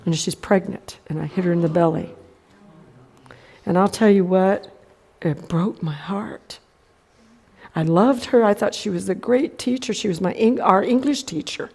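Her pitch is mid-range and her pace a bit slow, with vocal fry, frequent pauses, and a slightly mellow, husky sound. In her sermon, this middle-aged preacher tells a folksy personal tale and acts out what others said.

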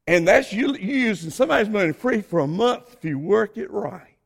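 A man's voice: high voice, expressive, brisk, vocal fry. A man with a Southern accent preaching a sermon as a pastor, folksy and fervent, stretching out words at his emphatic peaks. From Southern United States.

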